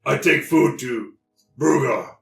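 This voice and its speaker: A man's voice: medium pitch, takes it slowly, vocal fry, fairly bright tone, reverberant, soft background music, pitched above the performer's own voice. A man voicing a huge, menacing male brute who bellows in broken speech. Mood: bellowing.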